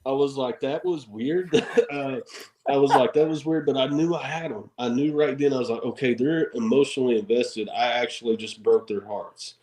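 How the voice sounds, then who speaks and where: Wrestler guy on a podcast telling wild stories, acts out the yelling, keeps laughing. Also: medium pitch, moderate pace, a little hiss or hum, low-quality recording. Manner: animated storyteller, acts out shouted quotes, laughs often. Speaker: professional wrestler guest. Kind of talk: casual storytelling interview.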